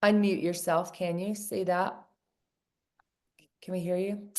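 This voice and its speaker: A woman's voice: fairly low pitch, flat delivery, unhurried. A woman coaching a group of women on a video call, earnest and encouraging, often repeating phrases for emphasis. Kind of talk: casual coaching talk.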